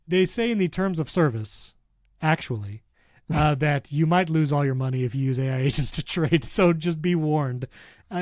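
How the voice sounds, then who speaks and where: A man co-hosting a casual tech podcast, excitable and ranting, laughing often. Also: a little high, no room sound. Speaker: podcast co-host.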